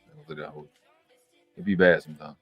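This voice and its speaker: A man hosting a live reaction stream, ranting in a profane, exasperated, slang-heavy way, swinging from loud outbursts to low mutters. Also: very animated, quick pace, creaky, breathy edge, soft background music.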